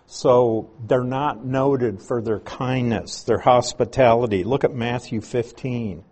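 A man's voice: medium pitch, steady tone, takes it slowly, a little mellow. A man teaching a Bible passage, reading verses aloud and explaining Greek words.

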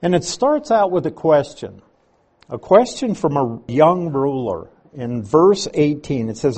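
A man's voice: a little high, big pitch swings, a little slow, darkish tone, breathy edge. A man as pastor, teaching an evening Bible study sermon in a conversational way with frequent asides.

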